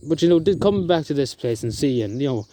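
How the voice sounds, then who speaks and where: A man talking to camera outdoors in the countryside, halting and emotional, with many fillers and restarts. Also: fairly high pitch, lively intonation. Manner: soft-spoken and emotional. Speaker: vlogger. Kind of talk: emotional outdoor vlog talk. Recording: outdoor noise in the background.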